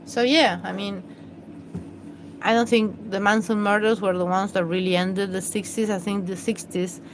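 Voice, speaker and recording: A woman's voice: medium pitch, steady tone, normal speed, slight background noise, poor audio. A woman hosting a live stream, chatting in a rambling, hesitant way with many fillers and restarts. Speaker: livestream host.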